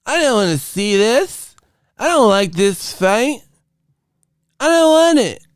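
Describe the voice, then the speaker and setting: A man voicing a fussy, folksy male boxing critic who whines indignantly in a high, mocking voice. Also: very animated, slow, clear, resonant tone, no echo, clean studio sound, heavily acted. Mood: whiny indignant. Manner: high mocking whine with old-timey words.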